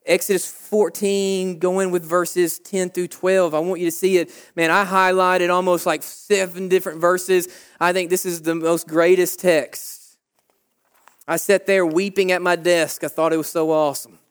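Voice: medium pitch, normal speed, smooth. Emphatic pastor preaching to youth. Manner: emphatic, animated preaching, direct address. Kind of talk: sermon. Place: church.

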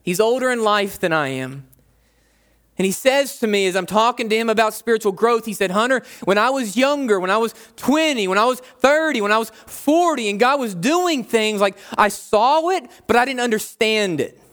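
A man's voice: high voice, expressive, normal speed, fairly bright tone. A young adult man, a pastor, preaching a sermon in a conversational way, repeating phrases for emphasis.

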